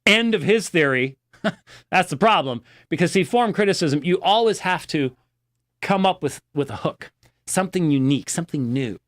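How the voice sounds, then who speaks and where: A man's voice: expressive, a bit bright, no room sound, clean studio sound. A middle-aged man hosting a show, reading quotes from an article and rebutting them in an emphatic, scornful way. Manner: emphatic and scornful, with quick rebuttals and sudden pitch jumps. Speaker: host reviewing an article. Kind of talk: critical commentary on a newspaper article, reading quotes aloud.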